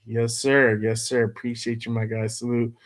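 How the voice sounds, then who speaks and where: A man hosting a fan livestream from home, hoarse from a cold, laid-back and greeting viewers by name. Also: mid-range voice, flat delivery, moderate pace. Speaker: host of a fan show. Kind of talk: casual livestream chat.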